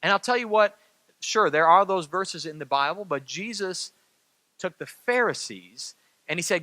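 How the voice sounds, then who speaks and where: A middle-aged man preaches a sermon in a conversational, repeating style, often turning to the congregation for agreement. His voice sits high and sounds bright and forward. The sound is dry and close, with little room around it. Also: animated, normal speed, no echo. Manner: conversational, repeats phrases, asks "right?" of the crowd. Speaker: pastor.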